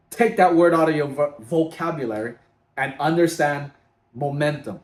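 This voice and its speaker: Male fitness vlogger, slightly high voice, casual and emphatic, roomy echo. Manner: casual, emphatic, calls viewers dude. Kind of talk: free-flowing motivational talk to camera.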